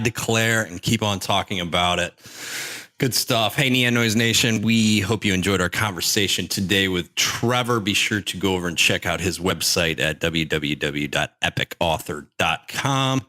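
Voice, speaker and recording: A man's voice: deep voice, pushed and bright. A man hosting a podcast, wrapping up the show with a friendly, upbeat sign-off. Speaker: podcast host. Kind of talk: podcast outro.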